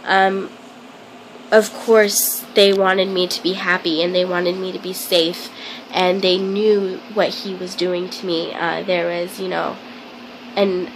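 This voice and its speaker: A young woman telling a personal story to camera in a hesitant, halting way, full of ums. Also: on the low side, little pitch movement, slight background noise, low-quality recording. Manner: plain confessional telling. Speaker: vlogger.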